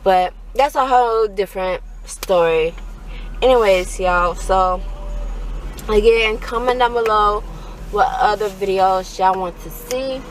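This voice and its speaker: A woman's voice: mid-range voice, measured pace, distant mic, slight background noise. A young woman vlogging casually to the camera, rambling with lots of fillers and sounding stressed and tired. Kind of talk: casual vlog talk to camera.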